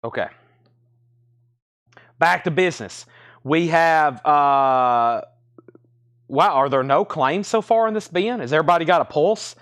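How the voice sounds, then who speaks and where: Male host, slightly high voice, brisk auction patter listing records and prices, a bit winded. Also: lively intonation, a bit bright. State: a bit out of breath. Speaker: host of a live record sale. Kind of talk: live auction selling.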